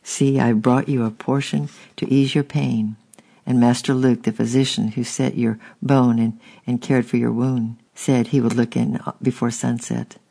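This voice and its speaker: Gentle caring woman, as a man reads her. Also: medium pitch, flat delivery, a little slow, gravelly, slightly rough. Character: kind gentle Christian woman caring for the sick.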